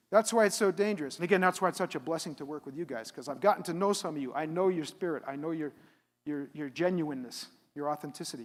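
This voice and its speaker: A middle-aged man giving a live motivational keynote at a conference, animated and asking the audience questions. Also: high-pitched. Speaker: keynote speaker. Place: conference hall. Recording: reverberant hall.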